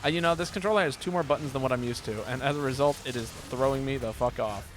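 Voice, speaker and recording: A man's voice: medium pitch, fast talker. Casual man streaming a game. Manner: relaxed, joking, reads chat aloud. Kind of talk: casual gameplay chat with viewers.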